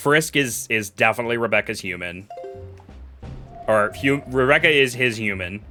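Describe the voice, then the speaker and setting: Excitable man streaming gameplay, lively voice. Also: mid-range voice, moderate pace, soft background music. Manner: excitable, swings from quiet muttering to yelling at chat. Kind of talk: live gameplay commentary.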